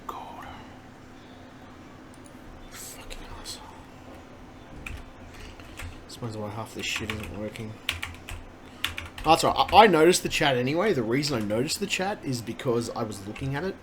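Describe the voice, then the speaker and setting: Profane ranting man streaming. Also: medium pitch. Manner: profane, ranting, exasperated muttering. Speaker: gaming streamer. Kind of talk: casual live-stream rant. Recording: noisy room ambience.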